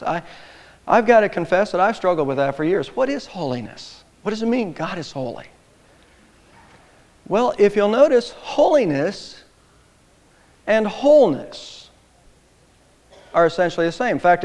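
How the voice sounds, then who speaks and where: A high-voiced male pastor preaching in a church. His emphatic delivery climbs in volume on the key lines. The sound carries a long hall reverb. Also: darkish tone. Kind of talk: sermon.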